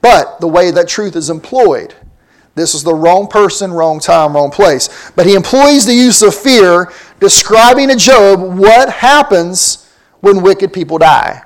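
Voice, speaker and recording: Preacher, male, high-pitched voice, emphatic expository sermon, reads old scripture then explains it plainly. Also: animated, measured pace. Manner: emphatic, repetitive, rhetorical questions to the congregation.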